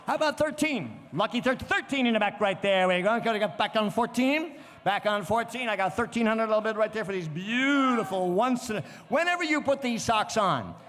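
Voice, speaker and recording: A man running a charity auction at a gala, calling bids rapidly and cracking jokes at the crowd. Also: high voice, animated. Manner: rapid, joking, calls bids out loud. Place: gala event venue, indoors. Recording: reverberant event space, faint background noise.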